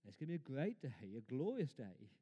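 A man's voice: medium pitch, sing-song, fairly quick, slightly rough, dull audio. Man preaching in an echoing church. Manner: emphatic preaching, rising to loud exclamations and dropping to quiet asides. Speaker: pastor. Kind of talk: sermon. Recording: long reverb of a church hall.

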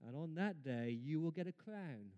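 A man's voice: fairly high pitch, animated, moderate pace, dull audio. Man preaching in an echoing church. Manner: emphatic preaching, rising to loud exclamations and dropping to quiet asides. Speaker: pastor. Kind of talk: sermon. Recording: long reverb of a church hall.

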